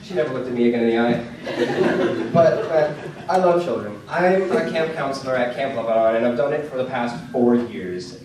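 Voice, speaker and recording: A man's voice: medium pitch, slight background noise. A young man performing a stand-up comedy set, telling stories and acting out the dialogue, with the audience laughing along. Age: young adult. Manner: storytelling with acted-out dialogue, rising to shouts. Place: comedy club stage with live audience. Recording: distant mic in an echoey room.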